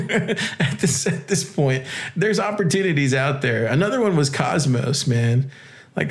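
A man hosting a casual crypto podcast, hyped and joking, laughing often and jumping into high exclamations. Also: gravelly. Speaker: podcast host.

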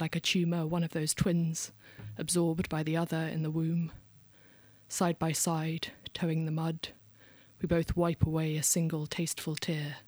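A woman with a southern English RP accent from London performing dark spoken word poetry, dropping some lines to a hushed whisper. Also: low-pitched, no echo. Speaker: poet, guest.

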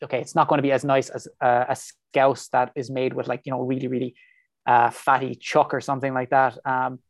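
A young man from Ireland talks loosely about his research as an interview guest, piling on fillers and quick restarts. His voice sits at a middle pitch. The recording is dry, with almost no room sound. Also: level tone, gravelly, no room sound. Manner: chatty, lots of fillers and restarts. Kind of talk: casual interview chat. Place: home.

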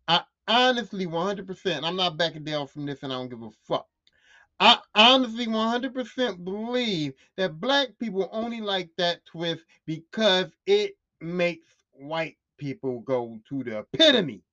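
Woman podcaster for a solo rant: animated, profane, repeats lines for punch, dull dry lo-fi sound. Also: on the low side, measured pace, no echo. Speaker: podcast host.

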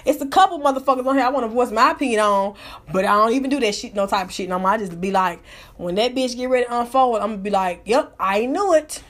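A woman with a high voice holds forth on a live stream, ranting and cursing as she tells her story. She sounds hyped up and animated, swearing freely throughout. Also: rapid-fire. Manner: profane, animated, hype.

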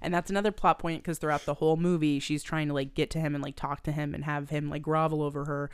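This is a young woman recapping a film on a podcast in casual chat. Her voice sits on the low side and sounds dry and close. She swears constantly and jumps into the characters' voices. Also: fast, clear, resonant tone, no room sound. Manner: profane, animated, acts out quoted lines. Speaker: podcast co-host.

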